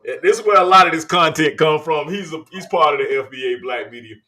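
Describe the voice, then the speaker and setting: A man hosting casual reaction commentary. He talks in an animated, slangy way and addresses the audience as "y'all.". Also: on the high side, fast. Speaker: podcast host.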